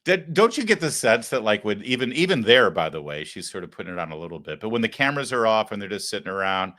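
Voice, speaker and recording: A man's voice: lowish voice, big pitch swings, fast talker, fairly bright tone. Sarcastic male political talk host. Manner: mocking, wry asides.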